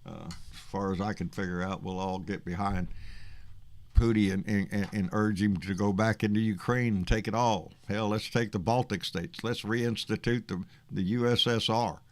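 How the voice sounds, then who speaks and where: A Texan man with a fairly low voice hosts a loose political livestream and chats his way through viewer comments. He rambles, curses often and trips over repeated words as he talks. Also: fairly even intonation, normal speed. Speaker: livestream host. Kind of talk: casual political livestream chat, reading chat comments.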